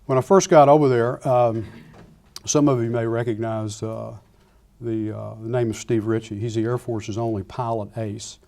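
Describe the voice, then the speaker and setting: Older man telling war stories, warm tone. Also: medium pitch, moderate pace, creaky. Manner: animated storyteller acting out dialogue, frequent restarts. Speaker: guest speaker, retired Air Force pilot. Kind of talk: anecdotal lecture storytelling.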